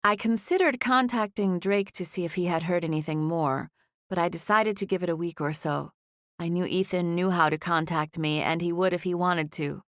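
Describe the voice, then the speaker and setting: A woman narrating a first-person audiobook in an even, conversational storytelling manner. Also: lowish voice, normal speed, no room sound, clean studio sound.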